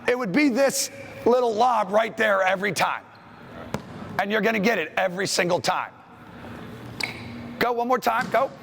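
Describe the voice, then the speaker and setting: High, gravelly-voiced basketball coach barking drills. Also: male voice, background noise. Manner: brisk commands, calls out plays. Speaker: basketball coach leading a clinic. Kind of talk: on-court coaching drill instruction. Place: school gym.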